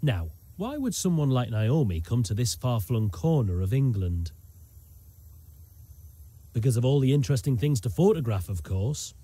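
A man's voice: mid-range voice, very animated, moderate pace, warm tone, breathy edge, no echo. A man giving scripted, wry and teasing narration for a game.

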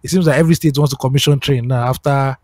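A Nigerian man co-hosting a podcast in relaxed, chatty talk, slipping into pidgin now and then. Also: medium pitch, fast, no echo. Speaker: podcast co-host. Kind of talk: casual chat.

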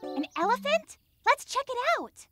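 A woman voicing Olga, an eager young animal in a children's cartoon, speaking with excitement. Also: extremely high pitch, unhurried, loud music behind the voice, heavily acted. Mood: excited.

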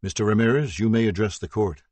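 Man doing a formal judge, low voice, kinda husky. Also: fast, darkish tone, no echo, lightly acted. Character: formal male judge addressing court.

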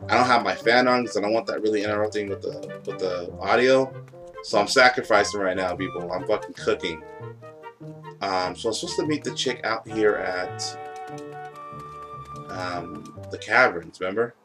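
A man's voice: fairly low pitch, moderate pace. A young man giving casual, profane, joking commentary while playing a video game at home. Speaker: gaming YouTuber. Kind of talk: casual let's-play commentary. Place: hot room at home with window closed. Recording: loud game music underneath.

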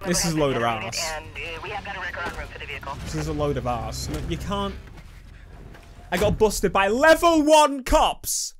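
A man hosting a racing-game let's play, rambling and excitable, yelling one moment and muttering the next. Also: sits high, takes it slowly, pauses often. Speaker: gaming channel host. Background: racing game music and engine sounds.

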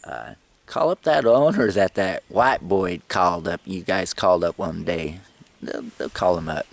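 A man's voice: low voice, lively intonation, measured pace, gravelly, no echo. A middle-aged man in a casual travel vlog, rambling and chuckling as he tells stories. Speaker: travel vlogger.

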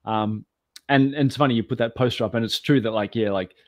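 Man telling a lively story, dry sound. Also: medium pitch, a little fast, no echo. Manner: animated, self-deprecating storyteller. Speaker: guest. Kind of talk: anecdotal storytelling.

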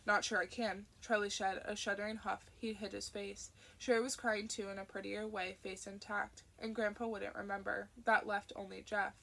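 A woman reading an audiobook narration in a steady, expressive way. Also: mid-range voice, normal speed, vocal fry, few pauses.

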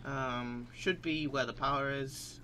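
A man's voice: medium pitch, steady tone, slow pace, sharp tone, a little hiss or hum. A teenage male gaming host commenting nervously while he plays, panicky and jittery, with frequent nervous laughter. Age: teens.

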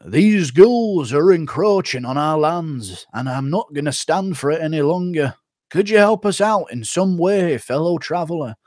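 A man voicing a medieval game guard, speaking slowly in a solemn quest-giver tone. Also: on the high side, animated, darkish tone, no room sound, clean studio sound, pitched above the performer's own voice. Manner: slow, solemn fantasy quest-giver delivery. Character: medieval game guard NPC, male, earnest.

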